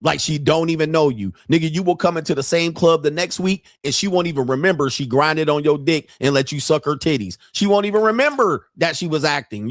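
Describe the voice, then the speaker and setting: A man's voice: on the high side, a little fast, few pauses, dry recording, studio quality. A man hosting a show, telling profane stories in casual commentary and mimicking other people's voices as he goes. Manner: animated storytelling, mimics voices. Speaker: podcast host.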